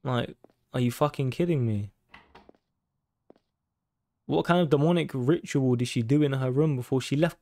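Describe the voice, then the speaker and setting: A man's voice: mid-range voice, moderate pace, pauses often, mellow, no room sound. A man playing a horror game on his channel, swearing constantly, reacting jumpily and reading game text aloud. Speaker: gaming YouTuber. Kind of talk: horror game let's play commentary.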